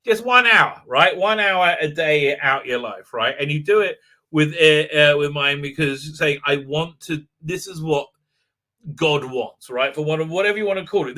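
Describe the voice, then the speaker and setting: This livestream host, a man with a slightly high, bright and forceful voice, rambles casually through his stream. His talk is full of fillers and restarts, and he laughs often.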